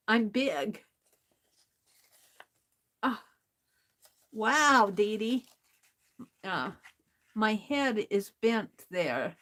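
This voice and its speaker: Slow-talking chatty woman crafter. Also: medium pitch, a bit bright. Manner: chatty, talks to herself while working, laughs often. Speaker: craft livestream host. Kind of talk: casual craft vlog, opening mail on camera.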